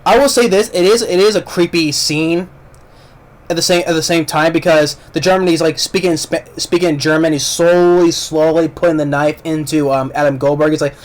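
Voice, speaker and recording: Male reviewer with a slightly high voice, loose and chatty, rambling through plot points with frequent ums and restarts. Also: fairly even intonation, brisk. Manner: rambling plot retelling with many fillers and restarts. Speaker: movie reviewer. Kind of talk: casual movie review.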